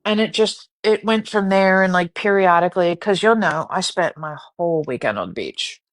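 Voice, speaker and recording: Her pitch is fairly low, her intonation lively, and her pace moderate as she yawns her way through a live stream. Drowsy and rambling, this host chats casually, speaking openly and cursing without hesitation.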